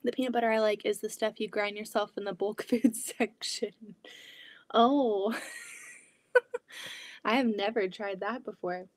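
A woman's voice: mid-range voice, steady tone, unhurried, pauses often, no room sound, clean studio sound. A woman hosting a quilting livestream from her home basement, reading comments aloud in a chatty, giggly way full of restarts. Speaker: quilting channel host.

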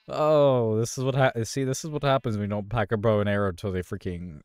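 A man's voice: on the low side, fairly even intonation, brisk, hardly any pauses, a little mellow, clear, resonant tone, no room sound, studio quality. A man hosting his gaming channel, giving live gameplay commentary in an exasperated, self-talking way with mild cursing.

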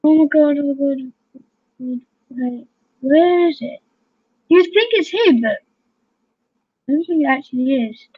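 A woman hosting a gaming channel, chattering excitedly to her fellow players as she plays. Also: sits high, unhurried, long pauses. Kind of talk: casual gameplay commentary. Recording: dull lo-fi home recording.

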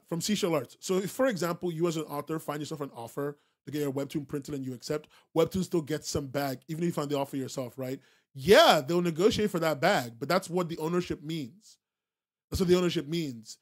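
High-voiced man ranting on a stream. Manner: swings from calm explaining to loud profane ranting; heavy fillers and restarts, laughs often. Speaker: podcast host. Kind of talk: livestream commentary.

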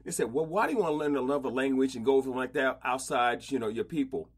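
A man hosting a casual podcast interview, slangy and animated, often repeating himself. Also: mid-range voice, fast talker, husky. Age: older. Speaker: podcast host.

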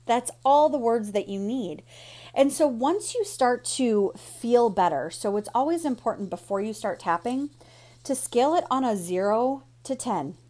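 A woman's voice: a little high, animated, unhurried, mellow. A woman emotion coach talking the viewer through a tapping routine in an encouraging, direct way. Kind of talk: instructional talk guiding tapping.

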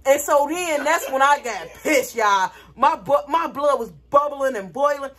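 A woman's voice: high-pitched, normal speed, hardly any pauses. A woman vlogger talking casually to her viewers, telling a dramatic story with lots of energy. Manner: animated, dramatic retelling with laughter.

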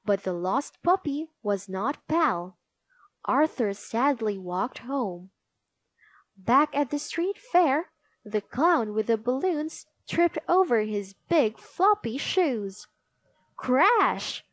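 Slow, lively woman reading a children's book. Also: on the high side, no echo. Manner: slow, expressive, sing-song. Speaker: storybook reader. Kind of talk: children's read-aloud narration.

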